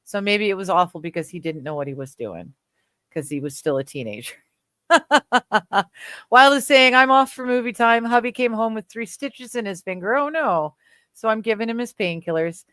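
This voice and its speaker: A woman's voice: medium pitch, moderate pace, a bit bright, no echo, studio quality. A woman from Canada hosting a casual livestream chat, reading viewer comments aloud, laughing often and trailing off with fillers. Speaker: livestream host.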